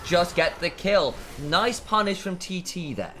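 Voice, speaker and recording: An English man giving live play-by-play on an esports match, energetic and playful. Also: sits high, a little slow, slight background noise. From England. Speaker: esports commentator.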